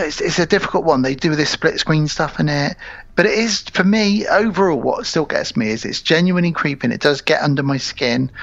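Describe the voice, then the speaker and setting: A man's voice: mid-range voice, vocal fry, a bit bright, no room sound, dull audio. A man in his forties co-hosting a podcast, chatting about films in an enthusiastic, rambling, jokey way. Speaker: podcast co-host. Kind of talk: casual film review chat.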